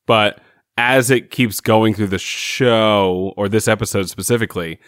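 A man's voice: on the low side, fairly even intonation, unhurried, fairly bright tone, dry recording, studio quality. A man co-hosting a podcast, chatting casually and wryly about a TV episode and laughing often. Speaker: podcast co-host. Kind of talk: casual chat reviewing a TV episode.

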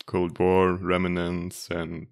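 A man in casual conversation, reflective and earnest, filling pauses with "like" and "uh". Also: deep voice, completely flat delivery. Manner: reflective, earnest, uses fillers like "like" and "uh". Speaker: conversation partner. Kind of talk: casual chat.

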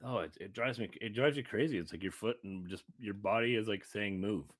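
A man's voice: fairly low pitch, brisk. A man co-hosting a podcast in casual, rambling, jokey chat, slipping into silly voices when he tells stories. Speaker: podcast co-host.

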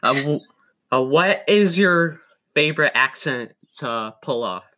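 Hesitant bright-voiced male podcast host. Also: fairly high pitch, animated, a little slow. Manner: hesitant, stumbling restarts. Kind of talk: interview questions.

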